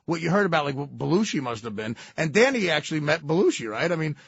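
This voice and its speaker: A man tells casual stories in a raspy, gravelly voice with a lively, swooping pitch. He talks in an animated way, full of fillers and laughs, and the recording has a dull, lo-fi sound. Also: fast talker. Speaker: storyteller, guest. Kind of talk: casual anecdotes.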